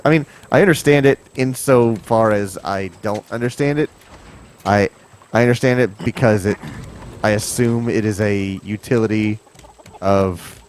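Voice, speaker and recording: A lower-voiced man talks casually during a survival game stream, drifting into rambling, wry asides about the game. Faint noise sits behind his voice. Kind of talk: casual gaming chat.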